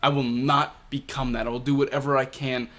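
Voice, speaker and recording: A man voicing a brooding young male fighter who speaks low, hushed and earnest. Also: little pitch movement, brisk, lightly acted. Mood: grave.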